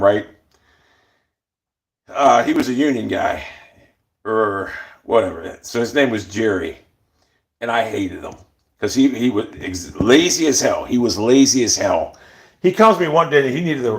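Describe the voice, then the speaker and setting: Blunt, profane man telling stories. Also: medium pitch. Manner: blunt, profane, full of restarts. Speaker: storyteller. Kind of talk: casual rambling monologue.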